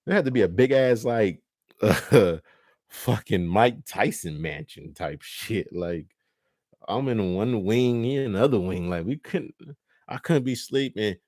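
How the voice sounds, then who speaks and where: A man hosting a live stream, talking casually and profanely, animated and laughing often as he acts out scenes. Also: lowish voice, unhurried, dry recording, clean studio sound. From California.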